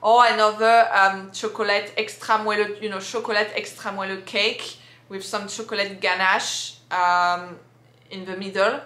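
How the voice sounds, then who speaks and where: A woman's voice: medium pitch, little pitch movement, normal speed, bright, forceful tone. A young woman from France with a French accent, chatting casually in a vlog with many fillers and restarts. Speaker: vlogger. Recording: echoey room.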